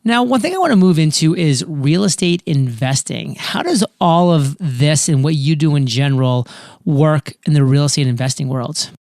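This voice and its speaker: A man's voice: fairly high pitch, lively intonation, moderate pace, a little mellow, no room sound, clean studio sound. A man hosting a podcast interview who asks the guest questions and speaks enthusiastically to his listeners. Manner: enthusiastic, addresses listeners directly. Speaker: podcast host.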